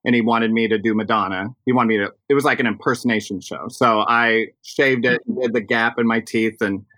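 A man who performs in drag, telling stories in a casual interview, animated and full of fillers. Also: fairly low pitch, a little fast, dry recording. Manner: animated storytelling, chatty with fillers.

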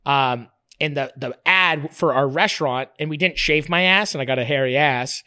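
The creator of a cooking show chats as a guest in a loose, casual interview, his voice a little high and his pace moderate. Animated and foul-mouthed, he keeps restarting sentences and laughing through his anecdotes. The audio is dry and of studio quality.

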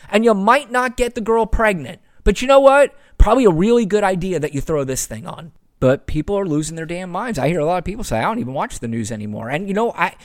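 A man's voice: on the high side, no echo, clean studio sound. A man hosting a podcast, ranting in a casual, exasperated monologue and swearing freely. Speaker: podcast host.

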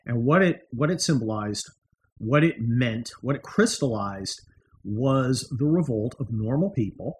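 Middle-aged guy doing his podcast from home, sarcastic and wry, normal pitch, bit of faint noise behind. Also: a bit bright. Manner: wry, sarcastic, with mocking put-on quotes. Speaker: podcast host. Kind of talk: casual political monologue. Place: room in his house.

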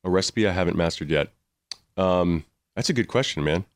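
A man in his forties, a guest chef talking in a relaxed, rambling way in a casual interview. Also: sits low, fairly quick, no room sound, studio quality.

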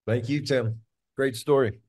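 A man's voice: medium pitch, fairly even intonation, a little slow, a little mellow. A man as a podcast guest, talking in a friendly, upbeat way and restarting phrases as he promotes an upcoming retreat. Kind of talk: casual chat.

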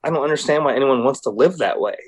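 A man's voice: medium pitch, expressive, quick pace. A young man co-hosting a podcast, telling stories in casual chat, swearing freely and acting out the people he quotes. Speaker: podcast co-host.

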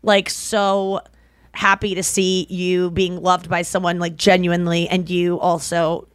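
This podcast co-host speaks in a lowish, smooth voice with completely flat delivery at a measured pace, and there's no echo. In casual chat she tells stories and acts out the people she quotes.

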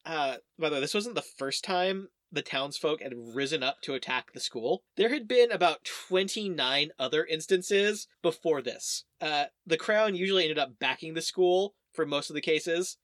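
A man's voice: a little high, pushed and bright, dry recording. Young male co-host, chatty history storyteller, dry close sound, filler-heavy. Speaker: podcast co-host.

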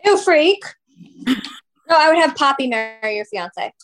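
A woman hosting a podcast in casual chat, blunt and teasing, with quick comebacks. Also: high-pitched, expressive, a bit bright. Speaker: podcast host.

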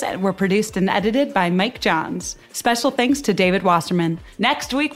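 Woman host reading podcast credits. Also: medium pitch. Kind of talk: casual chat and outro reading.

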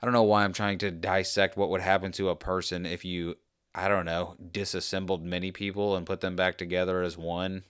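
A man's voice: low-pitched, level tone, a little fast, a bit bright, clear, resonant tone, dry recording, studio quality. A man in casual chat, rambling off on tangents with jokey, self-deprecating asides.

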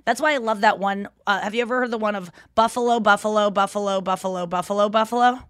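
A woman, co-hosting a podcast in casual, animated, rambling chat with frequent laughs. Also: medium pitch, fast, clear, resonant tone, no echo, studio quality. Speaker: podcast co-host.

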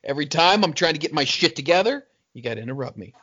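A man's voice: a little high, expressive, quick pace, a bit bright, highs cut off. Exasperated, swearing man on a call. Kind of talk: casual chat.

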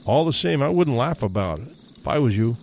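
A man voicing an uneasy backwoods hunting guide in an audiobook, speaking in rough dialect, grave and low-key. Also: sing-song, fairly quick, a little mellow, slight background noise. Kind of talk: audiobook character reading.

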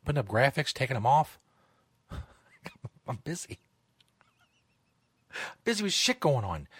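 A man's voice: medium pitch, fairly bright tone, slightly rough, no echo. A man hosting a comedic talk show from a studio, rambling, jokey and profane. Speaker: host.

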